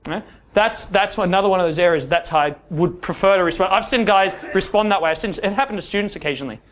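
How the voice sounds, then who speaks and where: Animated man coaching a class. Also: high-pitched, fast. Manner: animated, acts out quoted dialogue, keeps checking in with "yeah?". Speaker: dating coach. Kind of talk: seminar talk to a class of men.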